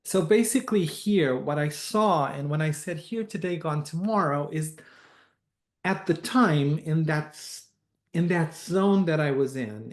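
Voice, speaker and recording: Hesitant man telling a story. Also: fairly high pitch. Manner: hesitant, many restarts and "uh", animated when quoting. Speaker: tarot teacher. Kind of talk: storytelling in an online class.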